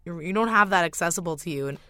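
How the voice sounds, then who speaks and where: A woman's voice: on the low side, rapid-fire, sharp tone, dry recording. A woman news reporter chatting casually with the host in a radio studio.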